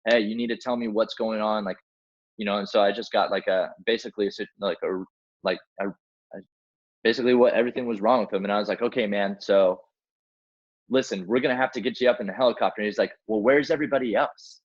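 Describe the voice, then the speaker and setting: A young man with a fairly low voice tells a war-story-style rescue tale in a relaxed interview. He acts out each exchange and sprinkles in "like" and "man" as he goes. The audio is dull and muffled. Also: quick pace. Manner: animated, acts out quoted dialogue, many fillers like "like" and "man". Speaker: guest, helicopter rescue swimmer.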